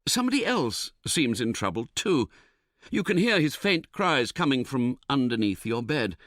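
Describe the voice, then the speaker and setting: Guy reading an audiobook, wry and super lively, dry close sound. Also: medium pitch, moderate pace, no room sound. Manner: animated, wry storytelling. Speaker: audiobook narrator. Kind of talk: scripted narration.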